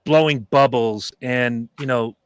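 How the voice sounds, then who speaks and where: A man's voice: medium pitch, fairly even intonation, a little slow, clear, resonant tone. A middle-aged man hosting a podcast, chatting casually and telling stories with profanity and acted-out quotes. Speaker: podcast host. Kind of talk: casual chat.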